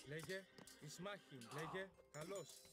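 A man's voice: a little high, a little slow, music in the background, lightly acted. An actor voicing a male Greek soldier in a video game, answering orders with clipped one-word replies. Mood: dutiful. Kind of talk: video game unit responses.

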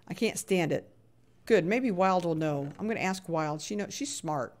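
A woman's voice: on the low side, a little slow, darkish tone. Playfully exasperated woman streamer. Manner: playfully exasperated, reads chat aloud, chatty. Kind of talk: casual live-stream chatter.

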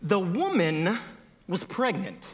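A man's voice: sits high, very animated, takes it slowly, long reverb tail, background noise. A man narrating a comedy sketch on stage in a mock-dramatic tone, correcting himself as he goes. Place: theater stage.

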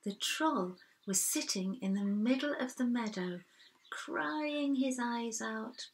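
A middle-aged woman reading a children's story aloud, expressive and animated, with sing-song sound effects. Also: fairly high pitch, takes it slowly, poor audio.

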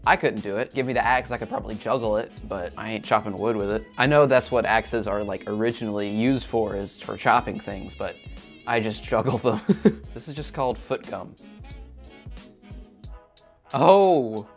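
A man's voice: fairly low pitch, a little fast, soft background music. A man hosting a video-reaction show, joking, laughing often and poking fun at himself. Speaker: YouTube host reacting to videos. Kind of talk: casual reaction commentary. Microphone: shotgun or lav mic.

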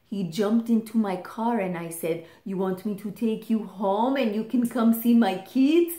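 A woman voicing her playful middle-aged father, telling his kids a tall tale in a hushed, conspiratorial way. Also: mid-range voice, measured pace, lightly acted. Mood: hushed teasing. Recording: roomy echo.

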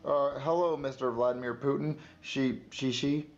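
A man's voice: mid-range voice, steady tone, moderate pace, highs cut off, close to an everyday voice. A man playing an earnest, flustered young waiter in a comedy puppet video.

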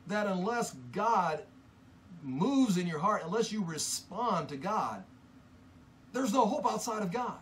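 A man teaching from the Bible in an earnest, impassioned sermon, often halting and restarting mid-sentence. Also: sits high, animated, a bit bright, slight background noise.

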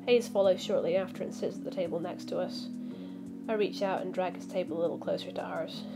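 A woman reading a visual novel aloud as a let's play streamer, voicing the lines and breaking off into animated asides. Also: fairly low pitch, a little fast, vocal fry. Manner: animated, reacts with outbursts and asides. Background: background music.

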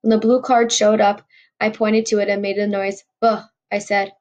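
A woman's voice: mid-range voice, little pitch movement, moderate pace, darkish tone. A woman reading a novel aloud in a wry first-person storytelling voice. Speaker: audiobook reader.

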